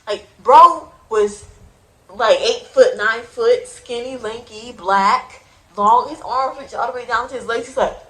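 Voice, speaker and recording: A young woman casually telling her personal testimony into a phone, animated and prone to sudden loud outbursts, with uneven volume. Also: fairly high pitch, measured pace, poor audio. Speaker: person giving a religious testimony.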